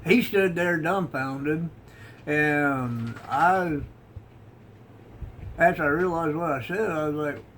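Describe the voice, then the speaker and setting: A man's voice: a little high, slow pace, pauses often, fairly bright tone, slight background noise. A middle-aged man giving a folksy, rambling devotional talk, chuckling at himself. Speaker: online devotional host.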